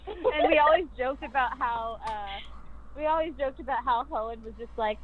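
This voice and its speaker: Heard through thin, phone-like audio from a remote connection, a voice actress guest chats brightly on a video call podcast. Her voice sits high and moves fairly quickly, and she giggles while performing lines from her character.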